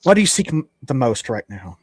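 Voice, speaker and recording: A woman's voice: very deep voice, very animated, brisk, husky, heavily acted. A man voicing a cryptic old witch who bargains with the party in a tabletop game. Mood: probing.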